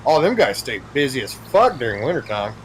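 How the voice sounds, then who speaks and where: A man's voice: mid-range voice, big pitch swings, a little fast, a little hiss or hum, poor audio. A man hosting a gaming stream, chatting casually with friends, blunt and swearing freely as he argues. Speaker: streamer, host.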